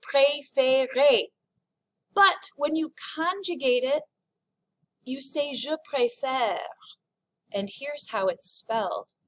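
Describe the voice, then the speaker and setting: A woman with a fairly high voice teaches a class at an unhurried pace. She spells things out with careful, deliberate enunciation. She breaks it up with light, playful asides. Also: fairly bright tone. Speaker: French teacher. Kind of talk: classroom lesson.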